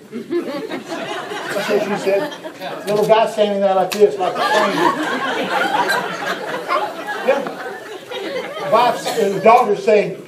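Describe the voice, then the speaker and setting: A man preaching a sermon, telling folksy, lively anecdotes. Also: high-pitched, slow pace, long pauses, some chatter behind. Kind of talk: storytelling sermon. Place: large church hall. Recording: echoey church from far off. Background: congregation.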